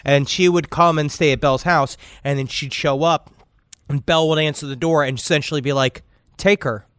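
A man's voice: fairly high pitch, steady tone, brisk, a bit bright, clear, resonant tone, no echo, clean studio sound. A man co-hosting a podcast, chatting casually with crude, rambling jokes. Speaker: podcast co-host. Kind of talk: casual chat.

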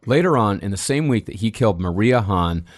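Male podcast co-host, lively pitch, casual true-crime narration. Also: fairly quick.

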